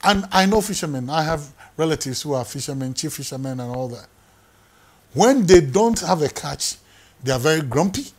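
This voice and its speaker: A man delivers a sermon with a husky, slightly raised voice. He preaches emphatically, circling back on his phrases and stacking them for weight. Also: fairly high pitch, animated, moderate pace. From Ghana. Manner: emphatic, repeats phrases for effect. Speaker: pastor.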